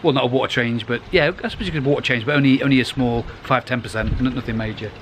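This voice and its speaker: A man's voice: medium pitch, quick pace, fairly bright tone, slight background noise. A middle-aged man, chatting casually to camera beside his garden pond, rambling and restarting his phrases. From United Kingdom. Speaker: koi pond vlogger. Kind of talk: casual vlog.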